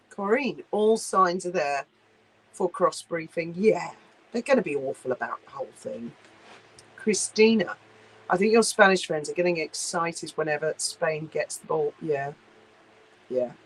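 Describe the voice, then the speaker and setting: A woman's voice: on the low side, low-quality recording. A woman hosting a casual livestream, reading viewer comments aloud and answering in a chatty, blunt, sweary way. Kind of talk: casual live chat.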